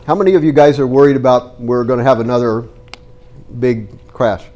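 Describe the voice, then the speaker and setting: A middle-aged man talks to a room of listeners, warm and mellow in tone with a slight cold in his voice. He tells his story plainly and earnestly. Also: medium pitch, fairly quick, highs cut off. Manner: conversational, earnest, direct storyteller. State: has a cold. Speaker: real estate investor giving a talk. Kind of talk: storytelling talk to a live audience.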